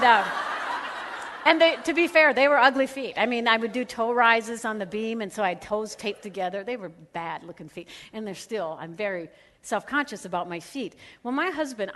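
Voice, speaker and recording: A middle-aged woman speaker telling a lively, laughing story at a women's conference, acting out the voices of the people in it. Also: medium pitch. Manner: animated, laughing, acts out quoted voices. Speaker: radio host and conference speaker. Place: large conference hall. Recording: hall reverb.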